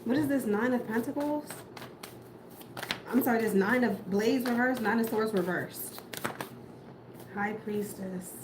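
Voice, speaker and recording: A woman with a rather high voice gives a casual tarot reading, speaking a little slowly and pausing often. She muses aloud, talks bluntly, and swears casually. The room is echoey, with background noise audible.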